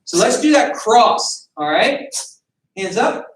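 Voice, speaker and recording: A man's voice: sits high, very animated, slow. A man teaching a beginner boxing class over a video call, calling out counts and commands as he coaches. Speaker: martial arts instructor. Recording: echoey room, distant mic.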